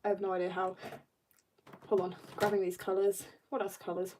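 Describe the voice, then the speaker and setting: A woman with a medium-pitched, darkish voice speaks fairly quickly with little pitch movement, over slight background noise. She draws on a livestream while reading chat, chatting bubbly with viewers and laughing often.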